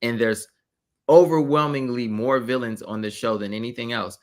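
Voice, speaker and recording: A man's voice: mid-range voice, fairly even intonation, moderate pace. A man co-hosting a casual review chat, making his points with emphatic repetition. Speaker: podcast co-host.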